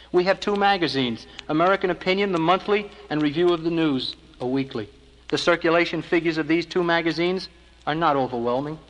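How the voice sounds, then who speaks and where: A man giving scripted filmstrip narration as an organization's spokesman, in a measured, earnest, persuasive way. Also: fairly high pitch, fairly bright tone, in a large hall, rough recording.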